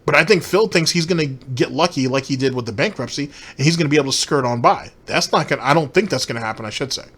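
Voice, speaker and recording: A man's voice: mid-range voice, quick pace, a bit bright, slightly rough. A man hosting a commentary channel, ranting in a rambling, sarcastic and profane way.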